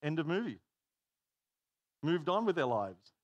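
A man's voice: sits high, big pitch swings, unhurried, fairly bright tone, no room sound. A man preaching a conversational sermon, telling stories, stopping himself mid-sentence and acting out dialogue. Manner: chatty, self-interrupting, acts out dialogue.

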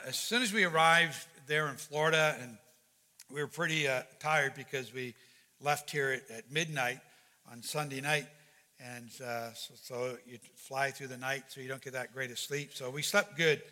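A man preaching as a pastor, praying and telling a story in an earnest, animated way, often repeating his words. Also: medium pitch, normal speed. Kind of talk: sermon with prayer and storytelling. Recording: long hall reverb.

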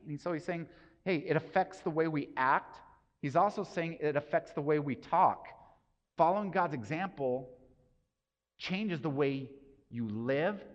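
A man preaching a sermon in a casual, conversational way, asking the congregation rhetorical questions. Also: on the high side. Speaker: pastor. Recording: dull sound with long hall reverb.

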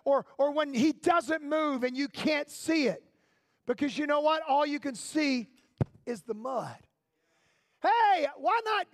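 A man preaching a sermon in church, impassioned, firing off repeated rhetorical questions and rising to shouts. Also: very high-pitched, unhurried, no echo, studio quality.

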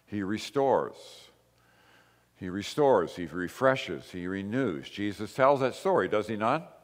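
A man preaching a sermon as pastor, slow and emphatic, with repeated short phrases. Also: lowish voice, lively intonation, in a large hall. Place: church.

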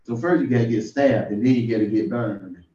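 A man's voice: fairly low pitch, brisk, warm tone. Folksy preacher man with a distant, echoey sound. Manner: folksy storytelling, rising to exclamations. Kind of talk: informal sermon. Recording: distant, echoey, muffled room recording.

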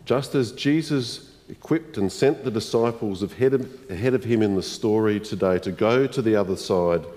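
A man preaching a sermon as the pastor of a church congregation, in a slow, reflective way, often asking the listeners questions. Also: lowish voice, dark tone. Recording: long reverb of a church hall.

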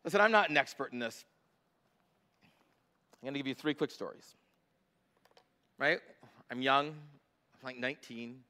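A middle-aged male pastor preaching a sermon, emphatic on scripture and quieter when telling personal stories. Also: mid-range voice, fairly even intonation, a little slow, long pauses.

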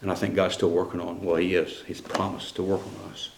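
A man's voice: deep voice, level tone, brisk, reverberant, background noise. A middle-aged man, a pastor preaching a sermon and telling a personal story in a loose, conversational way with restarts. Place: church sanctuary.

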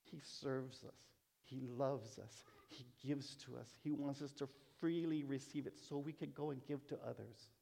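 A man preaching a sermon as pastor, speaking in a slow, prayerful way and building emphasis through repeated phrases. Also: mid-range voice, fairly even intonation, vocal fry, dark tone.

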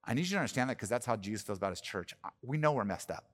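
A male pastor delivers a sermon in a casual, storytelling manner, swinging from easy talk to loud, excited bursts. His voice sits at a medium pitch and rings with a long reverb from the church hall. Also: rapid-fire. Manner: conversational storytelling with sudden loud animated bursts. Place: church sanctuary.

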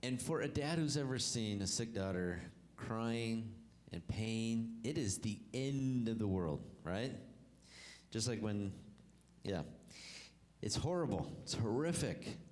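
A male pastor preaching a sermon, reading scripture aloud and retelling it with lively call-outs to the congregation. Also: fairly low pitch, slow pace.

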